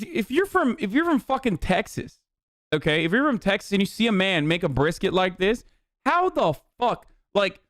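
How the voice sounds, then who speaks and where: A man's voice: high voice, no room sound, studio quality. A male streamer giving casual, profane, rambling livestream reaction commentary. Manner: profane, animated, rambling riffs.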